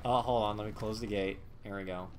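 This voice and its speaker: A man's voice: on the low side, steady tone, brisk, slight background noise. A man in casual gaming banter with a friend, joking and defensive, laughing often. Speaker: gamer co-streaming.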